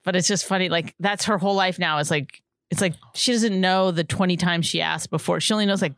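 A woman co-hosting a podcast with her husband, trading teasing banter and slipping into mock voices to make a point. Her voice sits a little low for a woman. The sound is dry and close, with no room around it. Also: fairly quick, no room sound. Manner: teasing, animated, mimics voices. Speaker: podcast co-host.

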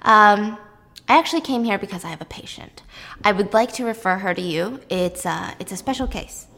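A woman quoting a calm older woman professor. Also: mid-range voice, fairly quick, gravelly. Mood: earnest. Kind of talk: quoting film characters in a recap.

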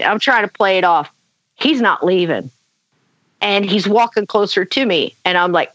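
Animated woman telling a story. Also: medium pitch, normal speed, no room sound. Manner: animated, laughs often, acts out her own quotes. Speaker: guest. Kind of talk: casual storytelling on a talk show. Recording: dull dry sound.

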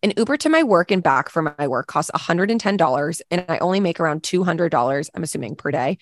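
A woman's voice: on the low side, lively intonation, quick pace, no echo, studio quality. A woman co-hosting a podcast, chatting casually, swearing and laughing often, and reading a listener's post aloud. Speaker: podcast co-host.

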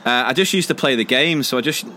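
A man's voice: medium pitch, quick pace, bright, forceful tone, slight background noise. A man co-hosting a podcast, telling a school story in casual chat, rambling with many fillers and frequent laughs. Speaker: podcast co-host.

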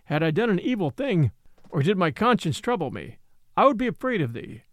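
A man's voice: high voice, very animated, fairly quick, no echo, studio quality. A man voicing a bold, merry outlaw who mocks his foe in old-fashioned speech. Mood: hearty. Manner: cheeky, mocking, playful. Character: merry, bold young male outlaw, teasing. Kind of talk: audiobook character reading.

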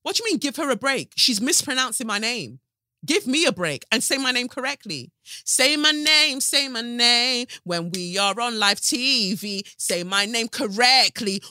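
Animated woman, bright and dry. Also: a little high, normal speed, no room sound. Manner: animated, emphatic, sassy. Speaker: podcast host. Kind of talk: casual commentary monologue. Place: home sofa.

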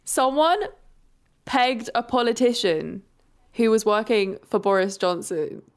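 A woman's voice: a little high, lively intonation, measured pace, smooth. Girl cohost, giggly, enthusiastic, casual chat. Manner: giggly, enthusiastic, swears freely. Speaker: podcast co-host.

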